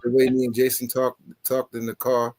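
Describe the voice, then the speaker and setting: A man on a casual talk show, telling a story in an animated, exasperated way and swearing often. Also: medium pitch, normal speed, very noisy. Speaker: podcast co-host.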